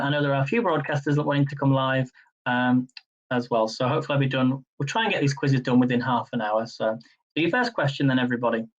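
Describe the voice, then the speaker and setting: A man runs a live-streamed quiz at a mid pitch, chatting loosely between rounds. He slows right down to read each question with care, then reads it again. The stream audio is dull and lo-fi. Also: far from the mic. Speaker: quiz host.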